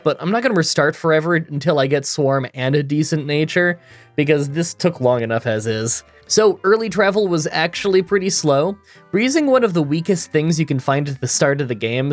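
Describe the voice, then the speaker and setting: A man reading scripted voice-over commentary for a game challenge video, with a groggy morning voice, a stuffy nasal sound and dry self-mocking humor, recorded in a booth. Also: on the high side. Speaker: gaming YouTuber.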